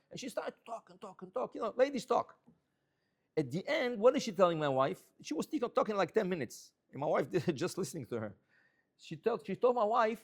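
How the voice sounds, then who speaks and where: Animated rabbi teaching a Torah class. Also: male voice, high voice. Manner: animated, mixes Hebrew and Aramaic terms.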